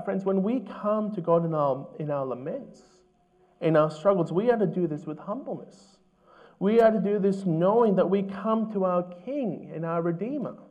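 Male pastor, sermon delivery, earnest and measured, fairly high voice, muffled sound. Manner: earnest, measured preaching with rhetorical questions.

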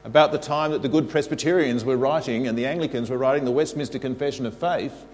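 A man preaching a sermon, animated and leading the congregation in call-and-response. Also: mid-range voice, fast talker. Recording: long reverb of a large hall.

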